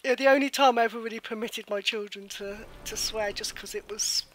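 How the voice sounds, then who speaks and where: An older British woman telling family stories in casual chat on a live gaming stream, animated and laughing often. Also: a little high, a little fast, crowd noise, poor audio. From United Kingdom.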